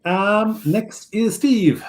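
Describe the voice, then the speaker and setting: Game master man running a tabletop session. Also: high-pitched. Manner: casual, quick rulings with frequent fillers. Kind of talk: running a tabletop game over a video call.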